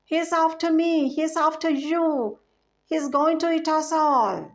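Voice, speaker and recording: A woman's voice: fairly high pitch, fairly even intonation, slow pace, vocal fry, darkish tone. A woman voicing a terrified, timid old male dentist with a nervous, shrieking manner in a poem recitation. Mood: panicked.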